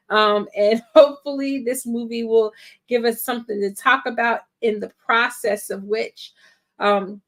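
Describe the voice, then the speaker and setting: A woman's voice: a little high, a bit bright. A woman in her thirties, a film critic and YouTuber, chatting playfully as host of a live-stream movie watch party. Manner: chatty and playful, laughs and sings little rhymes. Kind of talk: casual live-stream chat.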